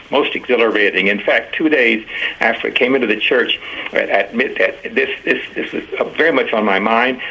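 Older priest, halting and bright-voiced. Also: male voice, mid-range voice, slight background noise, low-quality recording. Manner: halting, repeats words with many uh fillers. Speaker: priest guest. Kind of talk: reflective personal testimony.

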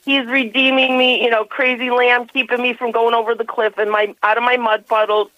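Older female caller, effusive and rambling, fairly high voice, muffled phone line. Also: level tone, brisk, no echo. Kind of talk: phone-in call.

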